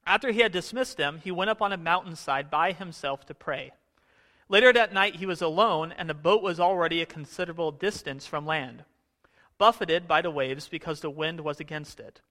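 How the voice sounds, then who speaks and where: A man with a high, bright voice delivers a sermon in a relaxed, conversational way. He poses question after question and sometimes acts out the voices in the story. His voice carries a long echo from a large hall. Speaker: pastor. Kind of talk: sermon with scripture reading.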